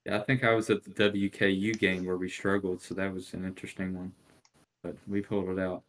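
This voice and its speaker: A man with a notably low voice hosts a relaxed sports chat. He agrees easily with the others and moves the talk along to the next subject without fuss. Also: fairly quick, rough recording. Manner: laid-back, agreeing, steers to the next topic. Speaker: podcast host.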